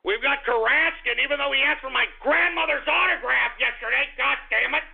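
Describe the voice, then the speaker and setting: Brief: male talk radio host, high-pitched and gravelly, combative and profane, tinny phone-like audio. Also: fairly quick.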